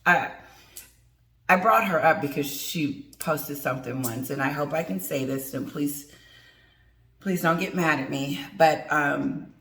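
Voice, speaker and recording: This opinion vlog features a middle-aged woman ranting emphatically and with sass, greeting her viewers and speaking right to them. Her low voice sounds pushed and bright, and her pace is measured. There's echo from the room.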